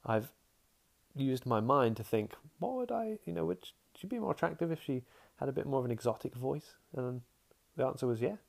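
A man's voice: medium pitch, animated, brisk, gravelly. A young man hosting a casual podcast monologue, rambling frankly, trailing off and restarting his sentences. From England. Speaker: podcast host.

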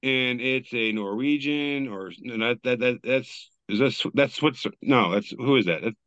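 A man's voice: medium pitch, normal speed, a bit bright, no echo, dull audio. A man hosting a casual podcast, reading memes aloud in a loose, joking way and swearing freely. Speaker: podcast host.

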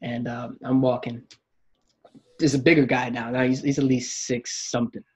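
A man telling a story in a casual chat, animated and acting out what people said. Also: medium pitch, normal speed, slightly rough. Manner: animated storyteller, acts out quotes, laughs while telling. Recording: dull lo-fi sound.

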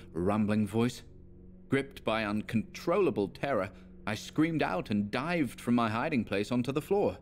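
A man narrating a dark story in a measured, dramatic reading. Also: medium pitch, faint music behind.

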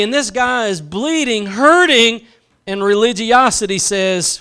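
A man preaching a sermon with passion, building slowly with emphasis and dropping into soft asides. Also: extremely high pitch, smooth. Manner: impassioned, swings between slow emphatic build-ups and soft asides.

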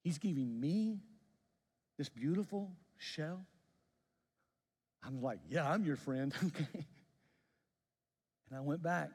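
Storytelling pastor with a stammer-prone delivery. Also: male voice, fairly high pitch, animated, unhurried, long pauses, darkish tone, husky, big-room sound. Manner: storytelling with repeated stammered restarts. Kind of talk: sermon.

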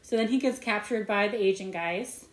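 A woman co-hosting a podcast, retelling a movie in casual, profane chat full of tangents and quick mock voices. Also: mid-range voice, echoey room. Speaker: podcast co-host.

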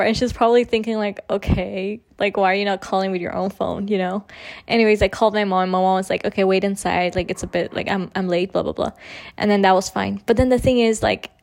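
A young woman hosting a podcast, telling a story in a chatty, casual way and acting out the quoted lines in a higher voice. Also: darkish tone. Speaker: podcast host.

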